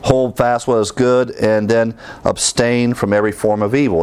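A man's voice: mid-range voice, fairly even intonation, moderate pace, a little mellow, clear, resonant tone. A man teaching a Bible lesson in a conversational way, with fillers and rhetorical questions to his listeners.

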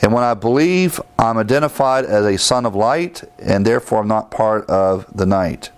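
A man's voice: fairly low pitch, normal speed, few pauses, clean tone. A man teaching a sermon, emphatic, repeating key phrases and citing scripture verses. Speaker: preacher.

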